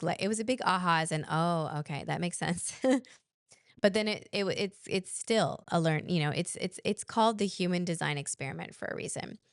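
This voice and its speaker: A woman's voice: fairly low pitch, no room sound, studio quality. A woman in her thirties hosting a parenting podcast, talking in a chatty, rambling way with frequent restarts. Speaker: podcast host. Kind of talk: casual solo talk on parenting.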